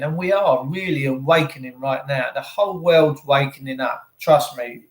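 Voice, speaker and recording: A man's voice: mid-range voice, normal speed, hardly any pauses. A man hosting a livestream, talking in a rambling, sarcastic and opinionated way and chatting to his viewers. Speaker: livestream host. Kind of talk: rambling ranting monologue. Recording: roomy echo.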